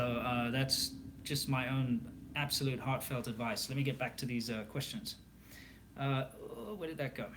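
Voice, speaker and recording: A man's voice: medium pitch, background noise. Man, South African accent, casual livestream Q&A, rambling, candid, lots of fillers, faint background ambience. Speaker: livestream host.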